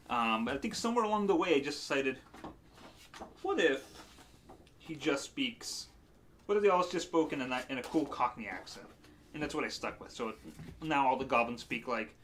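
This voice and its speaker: Man, game master on a chat stream, rambling and chuckling, mid-pitched voice. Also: normal speed, long pauses, fairly bright tone, slight background noise. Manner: rambling, with fillers and laughs.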